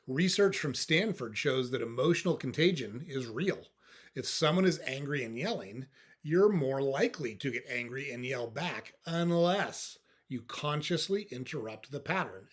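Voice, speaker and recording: A male host talking straight to his audience in a calm, even, coaching tone. His voice sits at an ordinary middle pitch. He often pauses to check in with a quick "okay?" or "right?". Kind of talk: advice talk to camera.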